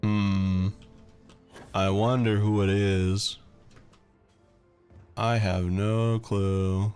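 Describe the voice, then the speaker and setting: Sex: man. Role: streamer. Style: casual game commentary. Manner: deadpan, joking, low voice, soft game music. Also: very slow, clean tone. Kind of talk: casual let's-play commentary.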